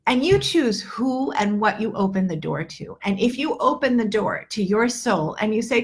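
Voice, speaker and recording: A woman's voice: a little high, lively intonation, moderate pace, breathy edge. A woman in her fifties, an English teacher and accent coach, giving a chatty, earnest live online lesson with many fillers and restarts. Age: 50s.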